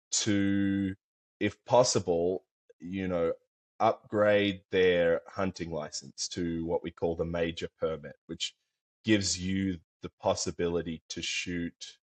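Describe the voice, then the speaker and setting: A man from Australia with an Australian accent, a professional hunter talking in a thoughtful, rambling way, full of fillers, as a podcast guest. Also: deep voice. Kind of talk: casual conversation.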